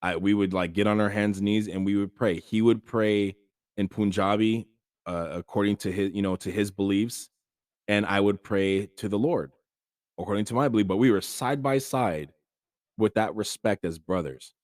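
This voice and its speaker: A man with a low voice talks earnestly in a casual podcast monologue, dotted with fillers. The recording is close and dry. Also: moderate pace, a little mellow, no room sound. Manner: earnest, conversational, many fillers. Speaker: podcast host.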